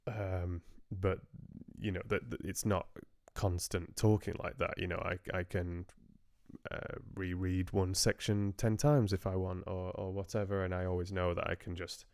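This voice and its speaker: A man with a very low, smooth voice talks casually to his live-stream viewers. He rambles and hesitates, restarting sentences as he goes. The sound is dry and close, with no room echo. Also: level tone, normal speed, a little mellow. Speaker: audiobook narrator hosting a live stream.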